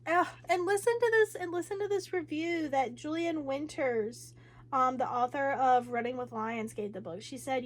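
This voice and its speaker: A woman's voice: sits high, normal speed. A woman book vlogger chatting casually about books, rambling and emotional, with many fillers and restarts. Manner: emotional, with sighs and laughs.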